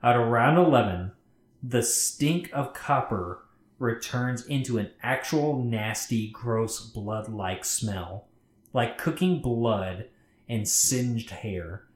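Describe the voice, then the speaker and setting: Podcast co-host, male, mid-pitched, reads horror tales loosely and profanely in a roomy space. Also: lively intonation, slow pace. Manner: profane, chatty, breaks off to comment. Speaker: podcast co-host reading a scary story. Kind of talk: casual story reading. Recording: roomy echo.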